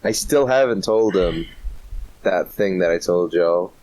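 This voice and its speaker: A young man co-hosting a casual podcast call, making crude jokes in a drawn-out delivery. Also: low-pitched, a little mellow, a little hiss or hum, rough recording. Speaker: podcast co-host. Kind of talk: casual chat with friends on a call.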